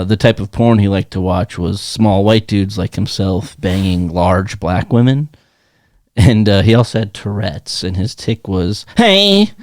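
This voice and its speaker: A man co-hosting a podcast in a studio, telling jokes in a casual, deadpan way. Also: low voice, no echo. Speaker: podcast co-host. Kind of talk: casual joke-telling chat.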